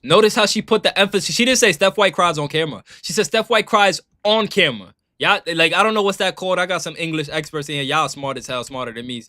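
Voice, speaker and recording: A young man on a live stream, reacting to basketball clips in animated, repetitive casual commentary. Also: fairly high pitch, fast talker, few pauses, no room sound, clean studio sound. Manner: animated, repetitive, keeps saying "you know what I'm saying".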